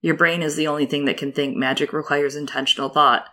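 A woman co-hosting a podcast in playful, animated casual chat. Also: low-pitched, fast talker. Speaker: podcast co-host.

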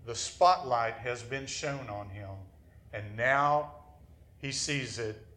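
A man preaching a sermon in an earnest, deliberate and reflective way. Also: medium pitch, bright, forceful tone, echoey room.

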